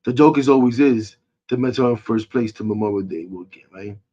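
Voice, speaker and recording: A man, hosting a sports podcast as a casual rant. He is frustrated and animated, swinging from loud outbursts to muttering. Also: medium pitch, brisk, lo-fi sound.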